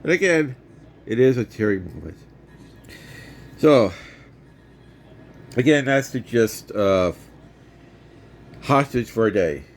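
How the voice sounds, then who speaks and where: A man's voice: mid-range voice, sing-song, takes it slowly, long pauses, slight background noise. A man in his fifties casually retelling and reviewing a movie for his vlog, rambling with many restarts.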